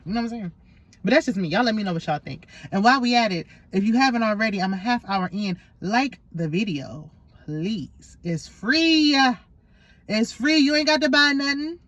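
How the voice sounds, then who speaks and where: A woman's voice: a little high, moderate pace, no room sound. Sassy, chatty woman. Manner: sassy, animated, gossipy with slang. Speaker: reality TV recap host. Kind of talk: casual opinionated recap chat.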